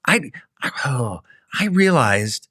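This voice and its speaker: A man's voice: mid-range voice, big pitch swings, slow, bright, forceful tone, no echo, studio quality. A man co-hosting a podcast, a character actor talking in a playful, self-deprecating casual chat.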